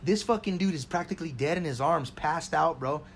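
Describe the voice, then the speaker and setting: A man's voice: fairly high pitch, brisk. A man co-hosting a podcast, telling a story in casual, profane chat and calling everyone bro. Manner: profane, says bro constantly; excited, loud storytelling. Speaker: podcast co-host. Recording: faint background noise.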